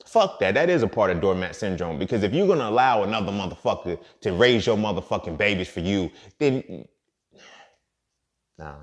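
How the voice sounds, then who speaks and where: A podcast host with a lowish voice and animated intonation runs through a quick, casual monologue. He's blunt and foul-mouthed, repeats himself, and alternates loud bursts with quiet grumbled asides.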